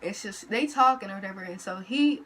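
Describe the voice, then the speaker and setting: A teenage girl telling a story in a casual, slangy, animated way to her vlog audience. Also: medium pitch, a little fast, a little hiss or hum, low-quality recording. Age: teens. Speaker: vlogger.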